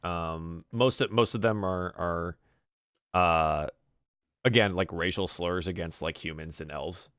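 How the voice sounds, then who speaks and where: A deep-voiced man narrates a tabletop fantasy game as its game master. He rambles with fillers and restarts. The sound is dry and close. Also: a little slow, fairly bright tone, clear, resonant tone, dry recording.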